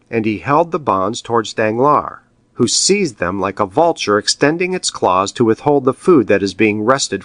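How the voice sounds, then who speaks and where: A man narrates a classic novel with expressive storytelling. His pitch rises and falls freely, and the recording is dry and close. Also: no room sound. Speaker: audiobook narrator. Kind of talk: scripted narration.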